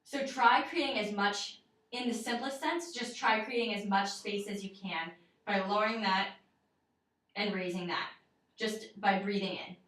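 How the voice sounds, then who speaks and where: A woman's voice: medium pitch, moderate pace, fairly bright tone. Young woman teaching singing in echoey room. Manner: casual, chatty, many fillers and laughs. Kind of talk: one-on-one singing lesson. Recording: roomy echo, mic far off.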